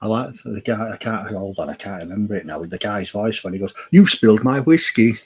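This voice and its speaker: A man's voice: lowish voice, fast, a little hiss or hum, poor audio. A man co-hosting a podcast in casual chat, swearing freely and rambling as he loses his thread. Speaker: podcast co-host.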